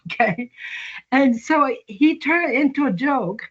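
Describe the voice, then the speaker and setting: In a long-form conversational interview, an older woman whose voice sits high speaks in an animated way, slowly telling long stories and acting out the dialogue she quotes. The recording has its highs cut off.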